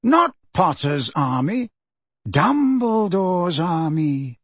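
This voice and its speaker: A man reading an audiobook, voicing a calm, pleasant old male headmaster wizard with gentle irony. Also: high-pitched, extremely slow, breathy edge, no echo, pitched above the performer's own voice, exaggerated voice.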